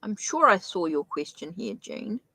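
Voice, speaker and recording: A woman's voice: mid-range voice, very animated, unhurried, creaky, sharp tone, dry recording, poor audio. Chatty New Zealand woman reading tarot. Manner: chatty, thinks aloud, many restarts. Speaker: tarot reader. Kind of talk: live-stream tarot reading.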